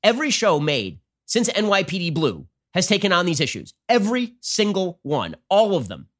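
A man hosting a political commentary show, talking in a rapid-fire, sarcastic and combative way. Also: high voice, huge pitch swings. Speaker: show host.

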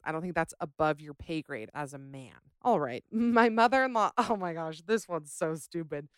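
A woman's voice: low voice, moderate pace, smooth, no echo, studio quality. A young adult woman hosting a podcast, chatting casually and ranting with sass about listener stories. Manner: sassy, animated, ranting. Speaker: podcast host.

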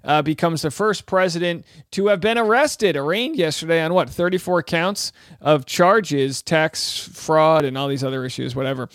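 A man's voice: fairly high pitch, a bit bright, no echo, clean studio sound. A man hosting a casual news podcast, chatty and upbeat, who laughs easily. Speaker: podcast host and stand-up comic.

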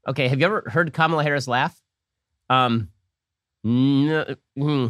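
Mid-range and a bit bright, this man's voice comes through at studio quality with no room sound. Hosting a political commentary show, he rattles off a mocking, sarcastic monologue at rapid pace.

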